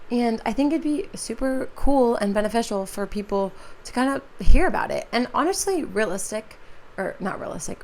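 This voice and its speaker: A woman's voice: mid-range voice, gravelly, slight background noise. A twenty-one-year-old woman hosting her own podcast, talking casually and chattily with lots of "like" and "um". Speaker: podcast host.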